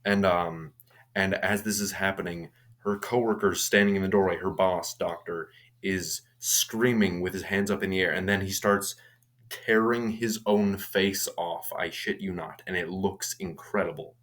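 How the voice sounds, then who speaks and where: A man's voice: sits low, steady tone, unhurried, a bit bright. A young man casually retelling a horror movie's plot, rambling with frequent restarts and fillers. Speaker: movie reviewer.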